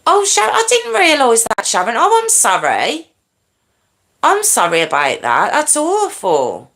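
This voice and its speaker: A woman's voice: high-pitched, wildly swooping pitch, a little slow, a bit bright. A woman hosting a casual livestream, chatting with viewers and apologising often, sometimes dropping to a whisper. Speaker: livestream host. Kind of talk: casual live chat with viewers.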